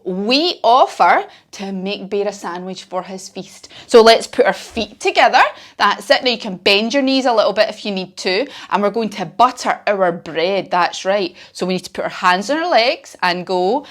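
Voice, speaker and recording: A woman's voice: mid-range voice, lively intonation, moderate pace. A woman leading a children's yoga lesson told as a story, with upbeat, encouraging and playful instructions.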